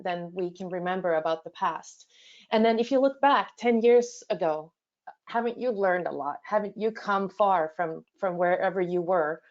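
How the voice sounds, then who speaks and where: A woman co-host speaking thoughtfully over a video call, pausing on fillers and restarts. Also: fairly low pitch, lo-fi sound. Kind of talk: casual discussion.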